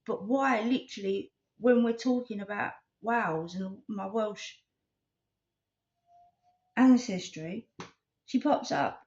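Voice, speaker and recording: A woman's voice: mid-range voice, takes it slowly, long pauses, a little mellow. A woman, rambling earnestly in a casual vlog and telling stories with animation. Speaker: vlogger. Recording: slightly dull lo-fi recording.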